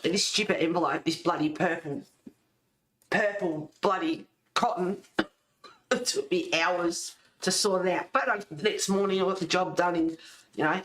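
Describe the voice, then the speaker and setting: A woman's voice: on the low side, a bit bright. Rambling, chatty woman. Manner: rambling, chatty, laughs often. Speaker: colouring and junk-journal vlogger. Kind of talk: casual chat showing crafts. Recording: echoey room.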